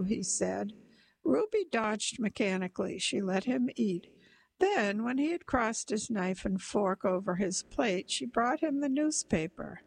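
A woman reading literary fiction aloud in a measured, unhurried storytelling manner. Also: medium pitch, expressive, gravelly, slightly rough, poor audio. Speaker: narrator. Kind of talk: scripted narration of literary fiction.

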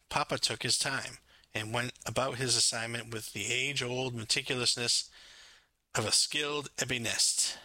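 A man from France reads his memoir aloud in a measured, gently wry voice. His tone is very bright and the recording is close and dry, with a middle pitch. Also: no room sound. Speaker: memoir narrator. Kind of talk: scripted narration.

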